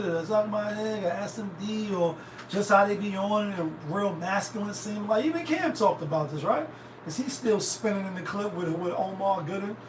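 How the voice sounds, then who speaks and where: A man hosting a show, talking in a loose, profane, rambling way. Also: high voice. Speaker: host. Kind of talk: casual commentary. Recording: roomy, distant, noisy.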